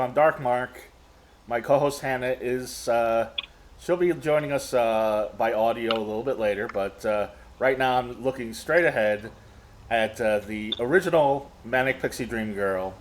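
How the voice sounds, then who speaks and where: A man hosting an interview podcast, easygoing and rambling, with many fillers. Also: mid-range voice. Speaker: podcast host.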